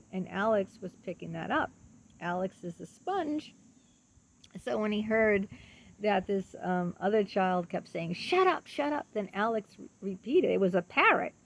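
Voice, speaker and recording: A woman in her fifties talking earnestly about her own life in a personal monologue, halting often with ums and restarts and asking rhetorical questions. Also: mid-range voice, creaky, a little hiss or hum. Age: 50s. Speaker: vlogger.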